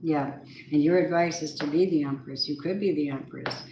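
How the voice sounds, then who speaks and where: A woman's voice: low voice, moderate pace, noisy background. A woman giving a weekly tarot reading, chatty and blunt, talking straight to the viewer. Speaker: tarot reader. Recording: roomy echoey room.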